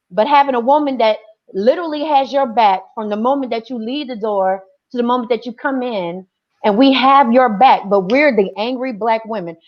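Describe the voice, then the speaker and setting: A woman in her forties on a discussion panel, telling stories in an animated way and acting out other people's lines. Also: on the high side, highs cut off. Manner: animated storytelling with quoted voices.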